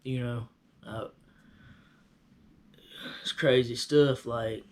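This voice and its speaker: A man casually recounting a vivid dream in a slangy, animated, conversational way. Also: medium pitch, extremely slow. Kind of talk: casual personal storytelling.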